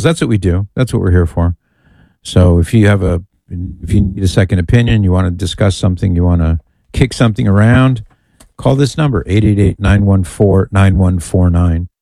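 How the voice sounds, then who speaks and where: A man's voice: fairly low pitch, normal speed, vocal fry, mellow, dry recording. A man hosting a radio call-in show, bantering dryly with his co-host and teasing him. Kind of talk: casual on-air banter.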